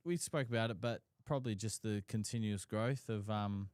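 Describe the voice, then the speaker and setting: A man's voice: on the low side, moderate pace, a little mellow, no echo, studio quality. An Australian man co-hosting a casual talk show, easygoing and a little hesitant, with plenty of ums and restarts. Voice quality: easygoing, hesitant, lots of fillers. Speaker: podcast co-host. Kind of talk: casual chat.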